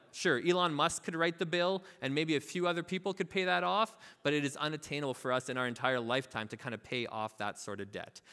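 A man preaching a sermon as pastor, telling a parable with lively asides and acting out the characters' voices. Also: mid-range voice, in a large hall. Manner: informal, filler-heavy asides. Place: church sanctuary.

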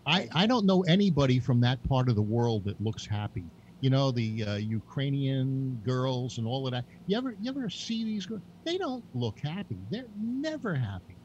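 A man's voice: medium pitch, big pitch swings, moderate pace, hardly any pauses, a little mellow, dull audio, slight background noise. A man on a casual panel chat, opinionated and provocative.

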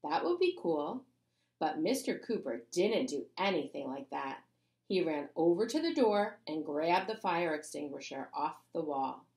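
A woman reading a children's chapter book aloud in an expressive, playful way. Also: low voice, unhurried, vocal fry. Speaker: reader.

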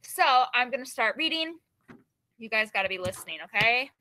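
Woman teacher, encouraging and upbeat with her class, bright and clear. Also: fairly high pitch, animated, normal speed, slight background noise. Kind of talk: classroom lesson.

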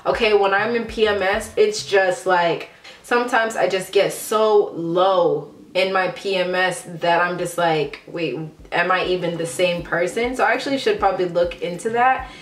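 A woman's voice: mid-range voice, moderate pace. A woman in her late twenties from a Ghanaian family in the United States, talking candidly in a casual vlog and filling her speech with "like.". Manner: chatty and candid, many "like" fillers. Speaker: vlogger. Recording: roomy echo, faint background music.

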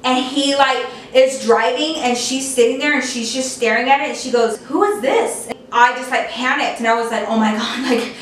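A young woman casually telling a storytime, chatty and animated, with lots of "like" fillers. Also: high voice, normal speed, few pauses, slight background noise. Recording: echoey room, voice a bit distant from mic.

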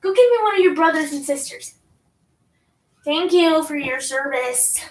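Teen girl, high-pitched, slow, rambling, self-mocking, home vlog with kittens. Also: poor audio. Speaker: vlogger. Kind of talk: casual vlog chat.

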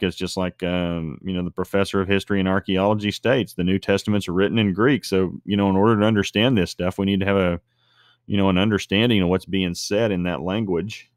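A man casually teaching on scripture in an explanatory way, often slowing down to stretch out key words. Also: lowish voice, no room sound, clean studio sound. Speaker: online commentator on faith and news.

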